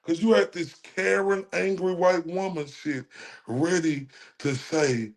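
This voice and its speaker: Heated, profane man with a high voice. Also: slow pace. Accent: Texan. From Dallas, Texas. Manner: profane, heated, laughing asides. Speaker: livestream host. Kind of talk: heated livestream rant.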